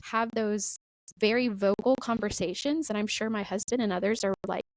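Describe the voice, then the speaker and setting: Chatty woman with a creaky voice. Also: medium pitch, normal speed, dry recording, poor audio. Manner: animated, frequent "like" and "right?". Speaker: podcast guest. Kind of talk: casual faith talk.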